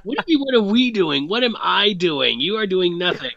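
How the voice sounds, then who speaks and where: A man's voice: sits high, very animated, moderate pace, creaky, bright, forceful tone, no echo, highs cut off. A man hosting a podcast, chatting casually in a jokey, self-deprecating, rambling way. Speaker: podcast host. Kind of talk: casual chat.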